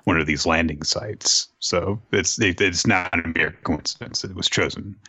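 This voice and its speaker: A man reading as a calm young genius scientist. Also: sits low, moderate pace, slightly rough, dry recording, full character voice. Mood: reasoning.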